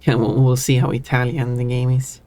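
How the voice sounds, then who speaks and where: A man's voice: mid-range voice, completely flat delivery, normal speed, warm tone. Chatty man streaming. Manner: chatty, self-amused, restarts and trails off. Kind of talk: casual chat while gaming.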